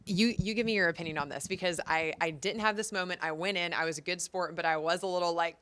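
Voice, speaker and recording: A woman in her thirties with a slightly low voice chats casually as a talk show co-host. She tells stories with animation, acting out the quotes of the people in them. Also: fast. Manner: animated storyteller, acts out quotes. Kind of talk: casual chat.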